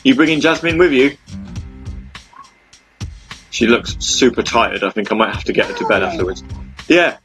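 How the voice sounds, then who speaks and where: A man's voice: mid-range voice, expressive, moderate pace, pauses often, fairly bright tone, faint music behind. A man hosting a radio show from home, chatting casually and rambling with lots of fillers.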